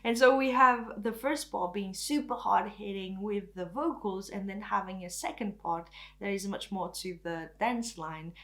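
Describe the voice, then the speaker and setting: A woman's voice: mid-range voice, unhurried, a bit bright. Chatty French-speaking woman reviewing music. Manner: enthusiastic, chatty, often says "freaking". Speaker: K-pop reviewer. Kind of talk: casual album review.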